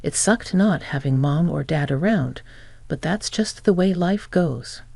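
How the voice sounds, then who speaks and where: A young woman narrates a dramatic family story in a steady, measured voice. Her tone is dark and mellow with a gravelly edge, and the recording is dry and close. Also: sits low, dry recording. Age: young adult. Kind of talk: scripted first-person narration.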